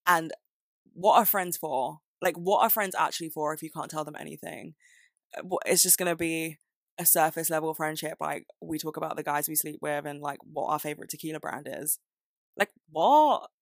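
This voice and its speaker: Low-voiced candid woman podcaster. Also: moderate pace, creaky, dry recording, clean studio sound. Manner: candid, rambling, self-deprecating, laughs often. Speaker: podcast host. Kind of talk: casual solo podcast chat.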